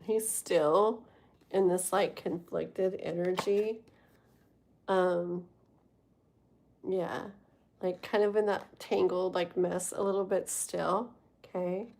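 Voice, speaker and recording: Woman, unhurried speech, live tarot host, rambling filler-heavy chat, laughs to viewers. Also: lowish voice, fairly even intonation, gravelly, darkish tone. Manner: rambling, many fillers and trailing thoughts. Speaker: tarot reader hosting a live stream. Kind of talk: casual live tarot reading.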